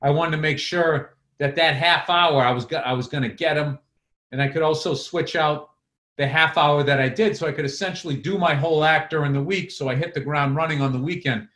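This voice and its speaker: A man co-hosting a podcast, telling comedy club stories in a profane, animated way. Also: a little high, fairly quick, echoey room. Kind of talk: casual storytelling chat.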